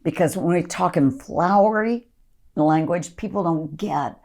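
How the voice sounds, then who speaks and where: A woman's voice: on the low side, unhurried, a little mellow. A woman ministry leader giving an earnest podcast teaching talk, reading scripture aloud and coaching listeners.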